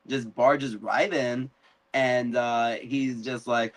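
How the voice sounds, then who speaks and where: A man hosting a live-stream chat about a TV episode. He tells it in an animated way, with sudden jumps in pitch when he acts out characters' lines. His voice sits at a middle pitch with loose fillers. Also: slow, rough recording. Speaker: podcast host.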